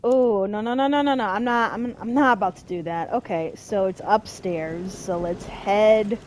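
A woman's voice: mid-range voice, normal speed, darkish tone, a little hiss or hum, rough recording. A woman casually commenting on a game she is playing, with amused playful reactions. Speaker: gameplay streamer.

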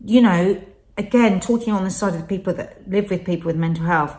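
A woman's voice: medium pitch, fairly quick, mellow. A woman co-hosting a candid talk show, telling a personal story expressively and acting out the voices of the people she quotes. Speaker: podcast co-host. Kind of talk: candid conversation about mental health.

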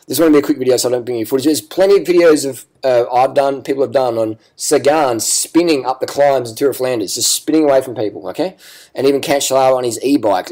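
A man's voice: medium pitch, darkish tone. A man giving ranting vlog commentary, profane, sarcastic and combative. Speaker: cycling vlogger.

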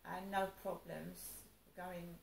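A woman with a gravelly, creaky voice rambles through a personal story. She sounds upset and vents as she goes, often restarting her sentences. The room echoes around her, with a faint ambient hum behind. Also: on the low side, flat delivery, slow. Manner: upset, venting, meandering with restarts. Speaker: vlogger.

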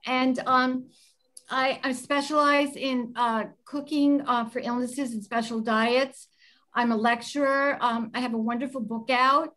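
A woman's voice: high voice, steady tone, measured pace, a bit bright, rough recording. A middle-aged woman, a healthy chef, giving an earnest, effusive nutrition lecture over a video call, with many "um"s.

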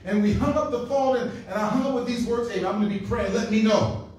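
A man's voice: high voice, fairly quick, darkish tone, a little hiss or hum. A man preaching a revival sermon as a guest preacher. He tells a personal story in a conversational way, with chuckles, fillers and restarts. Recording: echoey church hall, far from mic.

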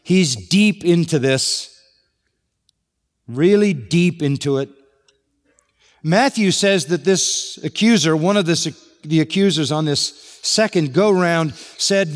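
A man's voice: a little high, takes it slowly. Man preaching in a reverberant hall. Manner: expository preaching, rhetorical questions. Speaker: pastor. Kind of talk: sermon.

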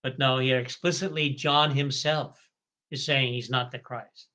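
Male priest teaching scripture, measured and deliberate, bright clear tone, leans on key words. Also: medium pitch, steady tone. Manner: slow, deliberate explanation with stretched emphasis on key words; occasional stumbles and self-corrections. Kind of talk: scripture study lecture.

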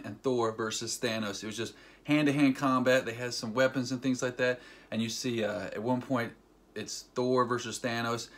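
A man recapping a movie for his vlog in a loose, rambling way, full of fillers. He acts out the scenes with bursts of sound effects. His voice sits at an ordinary middle pitch for a man. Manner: animated storyteller with sound effects. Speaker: movie fan vlogger. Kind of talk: casual excited movie recap.

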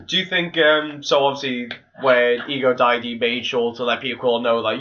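A man's voice: medium pitch, steady tone, normal speed. A man co-hosting a casual film podcast, opinionated, swearing and laughing often. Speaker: podcast co-host. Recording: dull lo-fi podcast audio.

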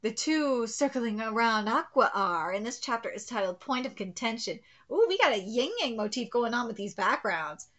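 A woman hosting a live reaction, reading a comic aloud and swearing and shrieking with excitement. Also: fairly high pitch, moderate pace, hardly any pauses. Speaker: host.

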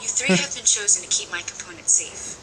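A woman's voice: lowish voice, fairly quick, crowd noise, natural voice. A solemn trapped guardian spirit, voiced by a woman. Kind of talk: amateur voice acting. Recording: noisy home recording.

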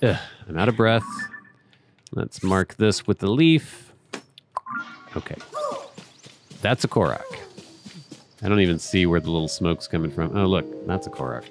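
A man's voice: low voice, moderate pace, long pauses, music in the background. A man hosting a let's play, chatting casually through his gameplay and talking to the game characters and his viewers.

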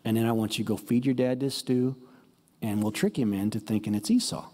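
A man's voice: mid-range voice, steady tone, a little fast, dark tone, big-room sound, natural voice. A man voicing a scheming mother who gives bossy, conspiratorial orders.

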